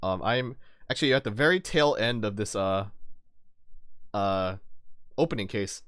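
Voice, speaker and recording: A man's voice: on the low side, lively intonation, unhurried, fairly bright tone, clean tone, dry recording, clean studio sound. A man streaming a video game live, chatting casually with viewers in a giggly, rambling way, often laughing and sometimes swearing.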